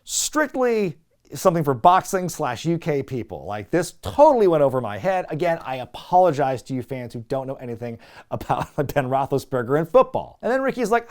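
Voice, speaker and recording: A man's voice: fairly high pitch, sing-song, a little fast, darkish tone. A man giving a casual, sarcastic recap of a wrestling show, swearing now and then and mocking the dialogue. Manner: sarcastic, swears, mocks dialogue with quoted impressions.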